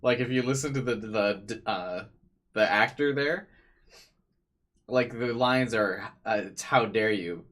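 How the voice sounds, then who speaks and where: A man giving casual, jokey gameplay commentary, animated and laughing. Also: medium pitch, slow, long pauses. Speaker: let's play gamer.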